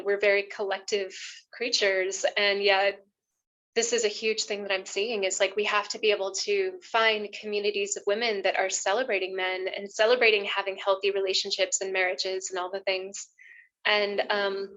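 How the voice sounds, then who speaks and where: A woman's voice: medium pitch, little pitch movement, moderate pace, fairly bright tone. A woman love coach, a podcast guest, talking earnestly in a casual conversation, emotional and choking up a little, with many fillers.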